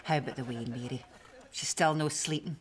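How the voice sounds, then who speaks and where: An actress playing a brisk, scolding Glaswegian wife in a sitcom. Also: female voice, low-pitched, natural voice. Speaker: Ella, a neighbour's wife. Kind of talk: sitcom acting. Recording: noisy TV soundtrack.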